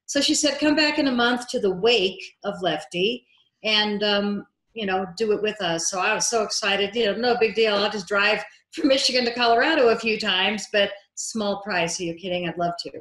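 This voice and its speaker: A woman filmmaker, a guest in an interview, telling a lively story and acting out the dialogue she quotes. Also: mid-range voice, normal speed. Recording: echoey room.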